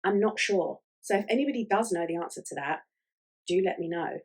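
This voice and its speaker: A woman talks through her solo podcast in a relaxed, chatty way, often stopping on "um" and "like". Her voice sits a little low for a woman. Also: brisk. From Ireland. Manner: chatty, with many fillers like "um" and "like". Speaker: podcast host. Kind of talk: casual solo podcast chat.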